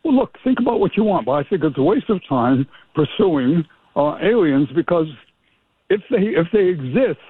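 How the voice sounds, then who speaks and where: Male radio caller, husky and rambling, phone-line sound. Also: on the high side, sing-song, normal speed. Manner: rambling, hesitant. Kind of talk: call-in radio chat.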